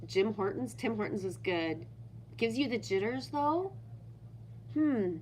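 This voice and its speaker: A woman hosts a casual, unscripted livestream, reading viewer comments aloud and ranting animatedly while swearing constantly. Her medium-pitched voice is darkish and measured in pace, with a little hiss or hum in the audio.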